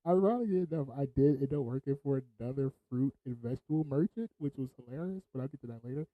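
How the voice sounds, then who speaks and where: A man's voice: medium pitch, fast, phone-quality sound. A man hosting a podcast, telling laid-back stories, laughing often and swearing freely. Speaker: podcast host. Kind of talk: casual storytelling.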